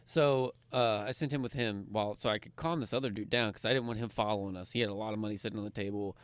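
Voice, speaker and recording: A man with a Kentucky accent tells a story casually on a podcast. He acts out each person's lines and gets loud when the story heats up. The sound is dry and close. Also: lowish voice, fast, clear, resonant tone, no echo. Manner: animated, acts out dialogue, grows loud when excited. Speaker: podcast co-host.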